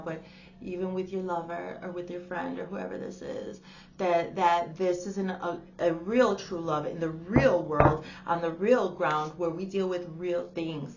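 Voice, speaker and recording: A woman's voice: on the low side, a little mellow, muffled recording, slight background noise. A woman giving a casual spiritual tarot reading to the camera. She talks in a chatty, exclaiming way and calls the listener darling. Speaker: tarot reader.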